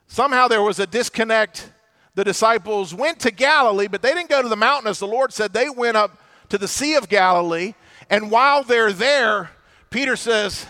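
Male pastor, high bright tone, animated sermon storytelling with acted-out voices. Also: normal speed.

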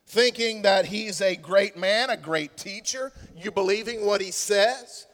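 A male pastor delivers a sermon in an unhurried, deliberate way. His voice sits high for a man and swells on stressed words before falling quiet. It rings with the long reverb of a church sanctuary. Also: expressive. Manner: emphatic preaching, rising and falling between loud stresses and hushed asides.

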